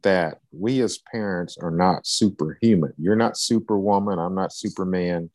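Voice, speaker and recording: A man's voice: low voice, normal speed, darkish tone, no echo. A man coaching a client, encouraging and preacher-like, often checking in with "right?". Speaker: life coach. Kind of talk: coaching session interview.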